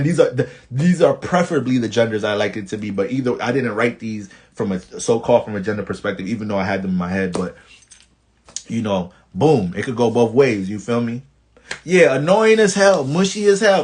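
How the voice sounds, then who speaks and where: A man from the Bronx with a New York accent, talking astrology in a casual vlog, full of swearing and animated stories. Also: mid-range voice. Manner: profane, animated storytelling.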